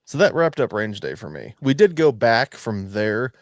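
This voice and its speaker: A man's voice: mid-range voice, very animated, normal speed, no room sound, studio quality. A man hosting a podcast, rambling and swearing as he tells stories in casual chat. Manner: rambling, profane, storytelling. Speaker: podcast host.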